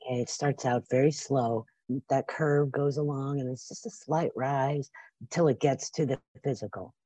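A woman's voice: low voice, dark tone, breathy edge, no echo. A woman in her fifties speaking as a podcast guest, passionate and emotional, sometimes teary and laughing. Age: 50s. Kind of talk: podcast interview.

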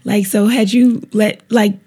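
A young woman, a stand-up comedian, chatting casually and reacting with lively laughter. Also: mid-range voice, breathy edge. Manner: animated, reactive, quick to laugh. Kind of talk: casual chat.

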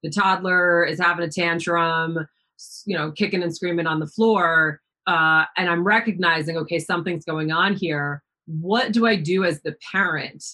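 A woman host leads a relaxed interview, working her way toward her questions with a thoughtful, searching manner. Her voice is lowish and slightly husky. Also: moderate pace. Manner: thoughtful, searching questions with many "you know"s. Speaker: podcast host. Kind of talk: conversational interview.

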